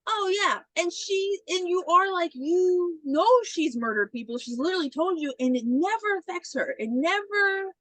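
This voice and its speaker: A woman's voice: extremely high pitch, animated, normal speed, few pauses, a bit bright, dry recording. A woman co-hosting a podcast in casual chat, slangy and swearing freely. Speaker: podcast co-host.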